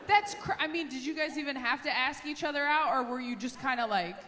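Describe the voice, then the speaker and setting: A woman comedian doing brash, sarcastic stand-up with quick crowd banter. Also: sits high. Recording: echoey theater with loud crowd noise. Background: audience laughter.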